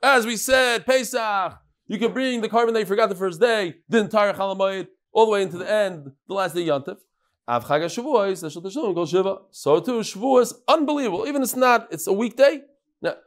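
A man teaching a Talmud class in a lively, joking lecture style, sometimes chanting phrases. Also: high-pitched, fairly quick.

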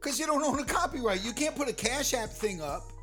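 A man's voice: very high-pitched, expressive, brisk. A man co-hosting a casual talk show, talking emphatically about music history and the industry. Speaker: podcast co-host. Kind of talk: casual chat.

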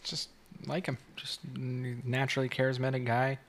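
A woman's voice: a bass voice, flat delivery, moderate pace. A young woman co-hosting a podcast in casual chat, dry and teasing in an understated way. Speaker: podcast co-host.

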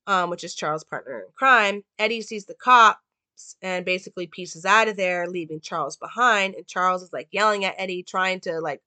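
Bright-voiced woman recapping a film. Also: on the low side, normal speed, no room sound. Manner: loose, with many "like" and "um" fillers. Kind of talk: casual film analysis and plot recap.

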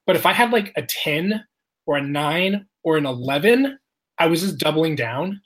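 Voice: medium pitch, lively intonation, normal speed. A person telling a casual story, swearing often, laughing and acting out the quotes of others.

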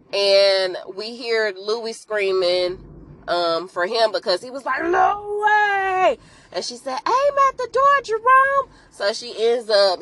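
A woman hosting a podcast, telling an episode recap in a casual, animated way and calling out to listeners, with emotional exclamations. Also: medium pitch, slight background noise, poor audio. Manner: animated storytelling, addresses listeners with "y'all".

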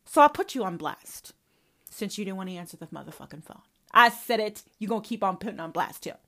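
A woman's voice: medium pitch, expressive, brisk, vocal fry, sharp tone. A woman hosting a personal podcast, talking straight to her mother in a profane, confrontational and emphatic way. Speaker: podcast host.

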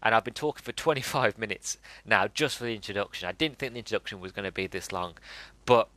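A man giving a casual video review, excited and halting, often stumbling and repeating himself. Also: on the low side, dry recording.

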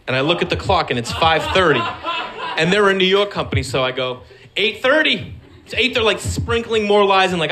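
A man telling a comic story, acting out the voices of the people in it in an animated way. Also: high voice, fairly quick, a crowd in the background, background noise.

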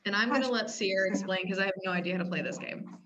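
A woman hosting a casual group video and introducing the day's game in a playful, drawn-out way. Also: medium pitch, a bit bright, slight background noise, poor audio. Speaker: host.

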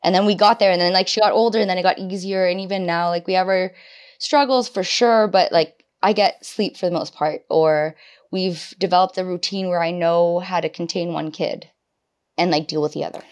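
A woman in her twenties, a podcast guest, telling a personal story in a chatty, animated way, acting out her own past thoughts. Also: lowish voice, brisk. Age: 20s. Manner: animated storytelling with quoted inner voices. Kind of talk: casual podcast conversation.

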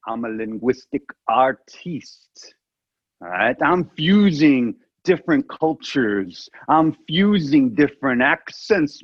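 A man's voice: on the high side, no room sound, muffled recording. A man putting on a brash tough-guy voice with a blended Italian, Cuban and Brooklyn accent and a cocky, drawling delivery.

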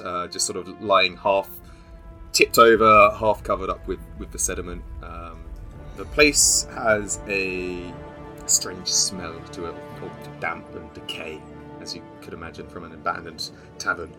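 A man's voice: sits low, a little slow, bright, forceful tone, faint music behind. A man running a tabletop game as game master, narrating a scene in a rambling, self-correcting way with frequent laughs.

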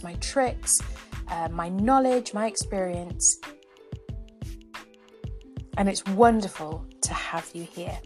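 A woman coach hosting her own podcast, talking candidly and reflectively in a conversational way. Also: medium pitch. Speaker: life coach and podcast host. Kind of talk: solo podcast talk.

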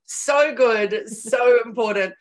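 A woman's voice: on the high side, slow. A woman hosting a casual chat, telling candid stories with emphatic repeated words.

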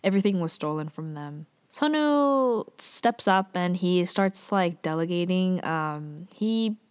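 A woman's voice: on the low side, animated, unhurried, clear, resonant tone. A woman casually recapping a drama episode, chatty and loose, full of fillers and playful asides.

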